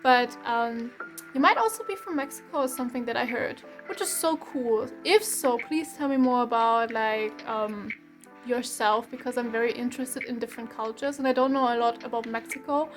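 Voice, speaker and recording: A woman's voice: on the high side, moderate pace, soft background music. A young woman from Germany with a German accent, giving a casual, rambling tarot reading with frequent restarts and light laughs. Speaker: tarot reader.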